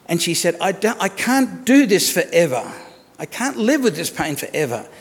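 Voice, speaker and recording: A man in his fifties preaching a sermon, his fairly high voice carrying a long echo through the church hall. He talks conversationally, asking the listeners rhetorical questions as he goes. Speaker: pastor.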